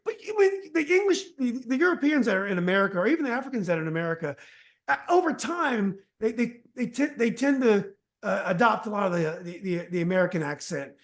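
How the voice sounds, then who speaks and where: A man hosts a relaxed podcast interview in a voice pitched well above most men's. He speaks casually and often backs up to restart a sentence as he thinks it through. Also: quick pace. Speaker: podcast host.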